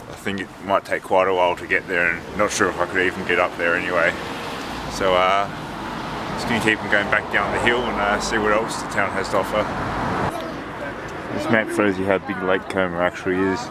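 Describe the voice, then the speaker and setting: Male travel vlogger, low voice, relaxed and chatty, filming himself outdoors on a windy day. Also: a little fast. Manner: relaxed, chatty, thinking aloud. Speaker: travel vlogger and marathon runner. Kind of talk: casual walking vlog narration. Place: outdoors on a windy lakeside and hillside town. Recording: outdoor recording with wind and traffic noise.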